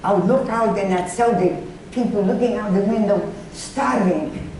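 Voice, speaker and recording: Recalling the war for a student audience, this Holocaust survivor has a medium-pitched, slightly mellow voice and sounds older. Her delivery is emotional and hesitant, with words repeated as memories return. She was recorded from a distance in a reverberant room with a little background noise.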